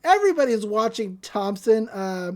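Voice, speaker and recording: A woman's voice: on the high side, very animated, moderate pace. A woman hosting a podcast, giving a casual, chatty episode recap with frequent fillers and giggles. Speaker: podcast host.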